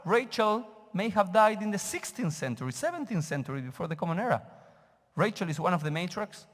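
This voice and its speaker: A man's voice: high voice, very animated, a little fast. A man, teaching a sermon as a rabbi and questioning his congregation. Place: synagogue sanctuary. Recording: reverberant sanctuary.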